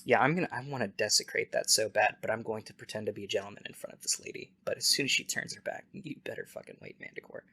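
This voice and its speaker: A man's voice: fairly low pitch, rapid-fire, few pauses, pushed and bright. A young man playing a tabletop game in casual, joking banter full of swearing. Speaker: player.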